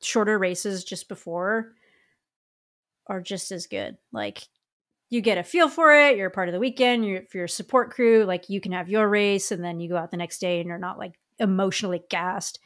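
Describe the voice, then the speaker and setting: A woman's voice: mid-range voice, animated, moderate pace, fairly bright tone. Supportive woman podcast co-host. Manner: supportive interviewer, frequent affirmations. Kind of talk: casual chat.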